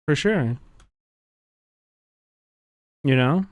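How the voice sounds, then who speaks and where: A man's voice: on the high side, lively intonation, normal speed, dry recording, studio quality. A man hosting a livestream, talking casually and earnestly, rambling with many fillers. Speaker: livestream host.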